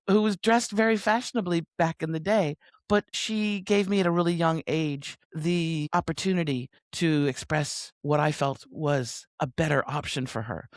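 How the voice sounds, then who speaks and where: A woman in her sixties, a coach telling stories as an interview guest on a remote call, lively and laughing often. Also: low voice, no echo, studio quality. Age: 60s. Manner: lively, animated storyteller with frequent laughs. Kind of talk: conversational interview storytelling. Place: home near Sydney, remote call.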